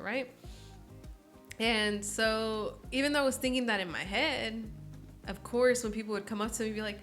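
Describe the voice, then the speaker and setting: A woman's voice: fairly high pitch, normal speed, fairly bright tone, soft background music. A woman in her early twenties, a podcast guest chatting casually and telling stories expressively, acting out quoted voices. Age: early 20s. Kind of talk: casual interview chat.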